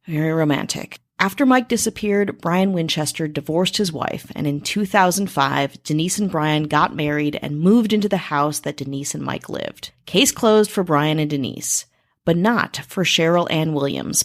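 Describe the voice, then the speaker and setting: A woman co-hosting a true-crime podcast who talks fast, chatting casually and reading the case narration. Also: deep voice. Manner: speedy talker. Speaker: podcast co-host.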